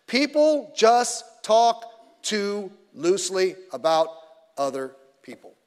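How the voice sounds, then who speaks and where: A man preaching a sermon in a conversational, animated way, acting out what people say. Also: high voice, takes it slowly. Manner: conversational, animated, acts out quoted voices. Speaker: pastor. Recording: long hall reverb.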